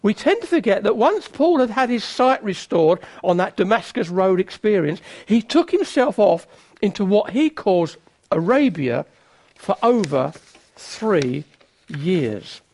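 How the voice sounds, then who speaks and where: A preacher giving a sermon in a chatty, self-mocking manner. His voice is high and swings widely in pitch, full of lively emphasis. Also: measured pace. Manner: conversational, self-mocking, teasing asides.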